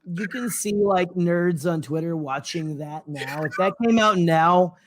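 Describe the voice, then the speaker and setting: High-voiced rambling man chatting. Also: unhurried, a crowd in the background. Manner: rambling, goes off on tangents with many fillers. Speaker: podcast co-host. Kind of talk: casual chat.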